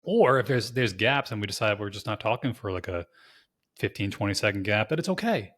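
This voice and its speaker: A man hosting a podcast, chatting casually and animatedly, swearing loosely and peppering his talk with "like". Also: lowish voice. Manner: rapid, animated, swears casually, lots of filler "like". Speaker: podcast host. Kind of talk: casual conversational podcast chat.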